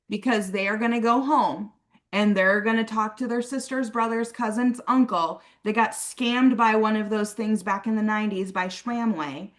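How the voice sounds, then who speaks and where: A young adult woman leading a casual sales training talk. She keeps checking in with "okay?", and she acts out sample conversations in a brighter, livelier voice. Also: mid-range voice. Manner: chatty, peppers talk with "okay?" and "like". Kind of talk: casual coaching talk on a team call.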